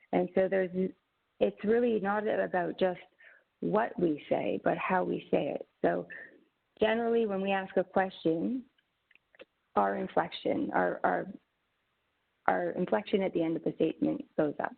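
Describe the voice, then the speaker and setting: A social worker presents a teaching webinar over a video call, her voice lowish and creaky. She talks conversationally and restarts often, and the audio sounds tinny, like a phone.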